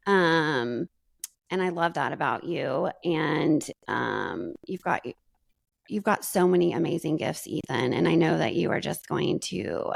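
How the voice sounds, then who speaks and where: A woman's voice: low-pitched, lively intonation, measured pace, creaky, no echo, clean studio sound. A woman co-hosting a podcast in casual chat, effusive and full of praise. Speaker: podcast co-host.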